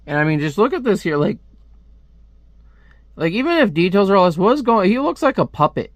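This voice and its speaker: A man's voice: sits high, big pitch swings, brisk, pauses often, no room sound. A man casually reviewing a comic book on video, rambling with lots of filler words and restarts, close to the mic at home.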